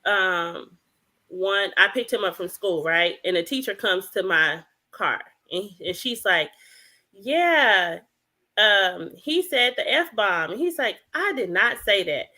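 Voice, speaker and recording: A woman on a podcast, telling a parenting story in a lively way and acting out the dialogue. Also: medium pitch, slow pace. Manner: animated storyteller, acts out dialogue. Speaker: podcast guest. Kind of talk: casual podcast chat.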